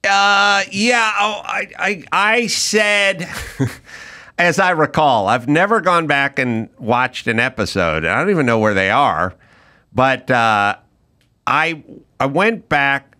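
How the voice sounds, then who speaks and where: A man's voice: fairly high pitch, takes it slowly. A middle-aged man hosting a podcast, telling a story in casual chat and acting out the people in it. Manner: animated storyteller, acts out quoted people. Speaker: podcast host.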